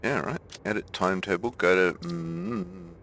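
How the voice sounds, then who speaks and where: A man's voice: mid-range voice, sing-song, a little slow, creaky, a bit bright, slight background noise. A man streaming a game, chatting casually, thinking aloud and laughing often. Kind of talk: casual gameplay chat.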